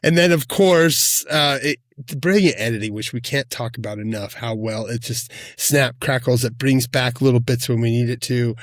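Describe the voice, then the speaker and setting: A man co-hosting a film podcast, speaking at an ordinary middle pitch. He tells things in an animated, casual way and laughs easily. The sound is close and dry, with no room around it. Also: moderate pace, no echo. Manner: animated, laughs often, loose conversational storytelling. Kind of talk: casual film review chat.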